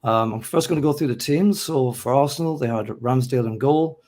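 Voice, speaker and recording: Hoarse North East English man, podcast host. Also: medium pitch, brisk, darkish tone. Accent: mixed North East English. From North East England. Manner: chatty, self-mocking, lists names steadily. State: hoarse, rough throat. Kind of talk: casual football podcast chat.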